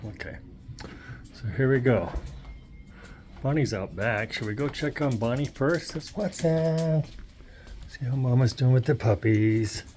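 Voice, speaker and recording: A man's voice: medium pitch, mellow. A man vlogging casually as he films his yard, chatting in a rambling way to the camera, his pets and the birds, recorded on a handheld phone. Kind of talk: casual filmed commentary. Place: outdoors in a blizzard, then indoors at home.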